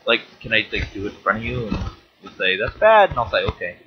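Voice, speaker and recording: A man's voice: fairly low pitch, fairly even intonation, quick pace. A teenage boy co-hosting a casual podcast, rambling and hesitant with lots of fillers. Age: teens. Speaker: podcast co-host. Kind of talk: casual chat. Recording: dull lo-fi recording with faint hiss.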